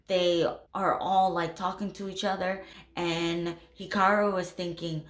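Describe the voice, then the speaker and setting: Low-voiced woman retelling a horror story. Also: moderate pace. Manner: chatty, animated, many fillers and asides. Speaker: channel host retelling a horror manga. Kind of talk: casual storytelling recap. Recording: echoey room with faint music.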